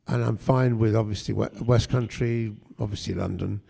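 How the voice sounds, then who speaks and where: Gravelly older man in echoey hall. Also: on the low side, fairly even intonation, normal speed, dark tone. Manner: chatty and anecdotal, with frequent restarts. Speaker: guest actor. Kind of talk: convention panel interview. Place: convention panel room.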